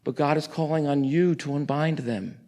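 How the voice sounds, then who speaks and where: A middle-aged man from New York City giving a storytelling sermon, acting out conversations in quick animated bursts. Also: on the high side. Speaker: guest preacher.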